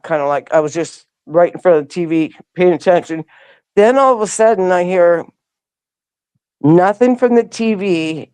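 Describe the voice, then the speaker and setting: A woman's voice: on the low side, a little mellow, dry recording. A woman being interviewed, telling a long personal story in a rambling way, with frequent restarts and her voice rising when she acts out what people said. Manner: acts out quoted dialogue with a rising voice. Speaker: interview guest. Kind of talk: conversational storytelling.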